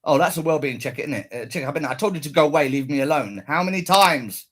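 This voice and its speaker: A man rants bitterly and keeps swearing as he tells his story. His voice is husky and fairly high for a man. His pitch swings widely as he acts out what was said to him. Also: expressive, fast talker, fairly bright tone. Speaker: man recounting a police raid. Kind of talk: angry personal rant.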